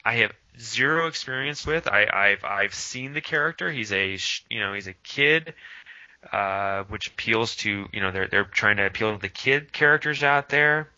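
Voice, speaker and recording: A man's voice: lowish voice, lively intonation, normal speed, pushed and bright, no room sound. A man co-hosting a casual chat, hesitant and full of fillers but enthusiastic. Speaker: podcast co-host. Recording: dull lo-fi sound.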